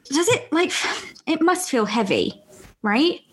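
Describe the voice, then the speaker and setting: Young woman, podcast host, higher voice, animated storyteller who laughs often. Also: takes it slowly. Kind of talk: casual interview chat.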